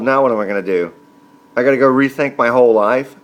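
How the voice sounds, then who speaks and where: A man's voice: medium pitch, quick pace. A man in his forties telling a comic story from his childhood in a rambling, chatty way, full of fillers. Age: 40s. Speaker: comedian vlogger. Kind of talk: storytelling comedy monologue.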